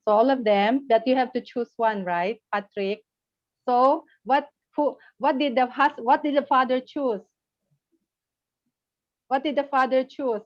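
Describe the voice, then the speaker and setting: A woman, a Buddhist teacher, telling stories to children and quizzing them in a gently instructive way. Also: high-pitched, unhurried, dry recording. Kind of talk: storytelling lesson to children. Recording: dull lo-fi sound, dry.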